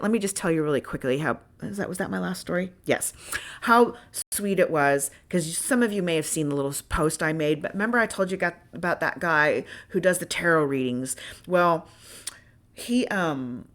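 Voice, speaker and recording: A woman with a bright, forceful voice tells her own stories on a podcast. She talks in a candid, animated way and swears freely. She swings between loud outbursts and quiet, muttered asides. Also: deep voice. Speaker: podcast host. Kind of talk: candid personal storytelling.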